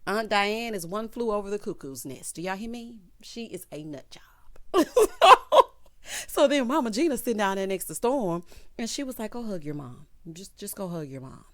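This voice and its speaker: A woman giving a casual, animated reality TV recap and laughing loudly. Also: medium pitch. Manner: animated, laughs loudly, Southern-style slang like "child" and "honey".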